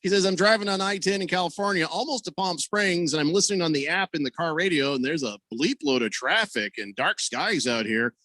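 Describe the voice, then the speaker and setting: A fairly high-voiced man hosting sports talk radio, chatting casually and throwing his voice up and down when he quotes people. His voice is dry and close to the mic. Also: a little fast, hardly any pauses, dry recording. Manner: animated storyteller, voices quoted people with big pitch jumps. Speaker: radio show host. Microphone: studio microphone over video call.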